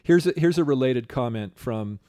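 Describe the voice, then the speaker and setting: A man's voice: mid-range voice, animated, normal speed, warm tone, no echo, studio quality. A man co-hosting a podcast in casual chat, rambling and reading listener comments aloud. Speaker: podcast co-host.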